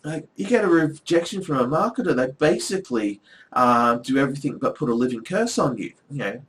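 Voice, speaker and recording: A man's voice: medium pitch, animated, brisk, fairly bright tone. A middle-aged man, chatting casually to the camera in a rambling, wry way with lots of ums. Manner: rambling, chatty, with frequent ums and dry asides. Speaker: vlogger and academic.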